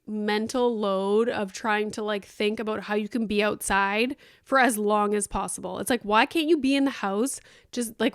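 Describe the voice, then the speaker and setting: A woman in her thirties talks through her week on her own podcast, chatty and exasperated, full of fillers. Her voice is smooth and clean, recorded close and dry with no room sound. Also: medium pitch, no echo. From Canada. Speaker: podcast host. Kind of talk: casual solo podcast chat.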